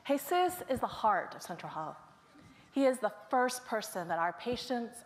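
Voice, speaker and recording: A woman's voice: medium pitch, a little hiss or hum. Woman telling colleagues' stories to staff. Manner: storytelling, introducing colleagues one by one. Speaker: staff member presenting to colleagues. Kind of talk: staff meeting presentation.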